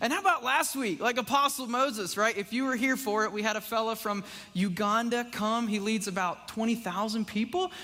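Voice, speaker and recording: A man's voice: sits high, normal speed, pushed and bright. A man preaching a casual sermon in a church, talking conversationally with many "like"s and "right?"s. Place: church sanctuary. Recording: long reverb of a church hall.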